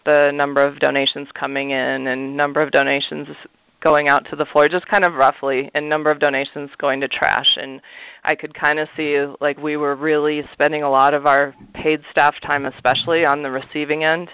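A man talking earnestly and reflectively as an interview guest, a thrift shop manager, with soft laughs and fillers. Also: a little high, flat delivery, moderate pace, smooth, dry recording. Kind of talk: casual interview answers. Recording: slightly muffled, dull audio.

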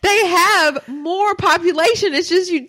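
A woman co-hosting a podcast, chiming in with quick joking asides in casual chat. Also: extremely high pitch, bright, forceful tone. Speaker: podcast co-host.

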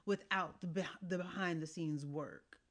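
A woman co-hosting a casual TV recap chat, blunt, profane and animated. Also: lowish voice, unhurried. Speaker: podcast co-host. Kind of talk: casual chat about a TV series.

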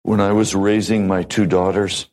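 A man preaching a sermon as a pastor, measured and deliberate, with long pauses between phrases. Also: low-pitched, little pitch movement, a little mellow, poor audio.

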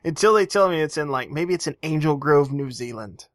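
A man's voice: on the high side, lively intonation, fairly quick, no echo, studio quality. A man co-hosting a podcast in casual chat, sarcastic and profane. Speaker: podcast co-host.

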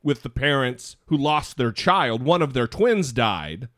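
Male podcast co-host, lively pitch, dry close mic, rambling and self-deprecating. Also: unhurried, no echo. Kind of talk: casual podcast chat.

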